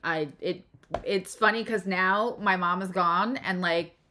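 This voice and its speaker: Bright-voiced chatty middle-aged woman host. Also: on the low side, fairly even intonation, measured pace. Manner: chatty, laughs often, reads out comments. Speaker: live-stream host and astrologer. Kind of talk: casual live-stream chat.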